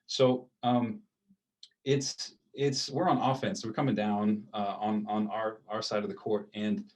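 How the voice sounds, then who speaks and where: A low-pitched American man in his thirties tells a story in a loose, easygoing way. He wanders through his sentences with plenty of fillers, like a guest chatting with a host. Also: unhurried, poor audio. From United States. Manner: relaxed, rambling with many fillers. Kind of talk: casual storytelling interview.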